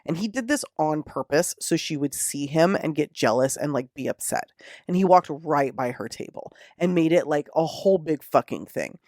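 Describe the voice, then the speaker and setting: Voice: mid-range voice, moderate pace, dry recording, clean studio sound. A podcast host telling a true crime story in a casual, indignant, profane way. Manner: indignant, profane, animated retelling.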